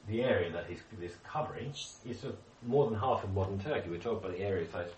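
Deep-voiced man teaching a Bible study. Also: animated, quick pace, darkish tone, a little hiss or hum. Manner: explains with questions to the group, many restarts. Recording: echoey room, speaker far from mic.

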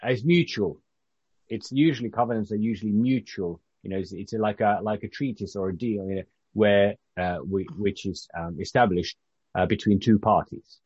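A man's voice: on the low side, a little mellow, husky, dry recording, highs cut off. A man from Britain leading an informal Bible study, talking conversationally with frequent halts and restarts. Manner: halting, restarts often, conversational.

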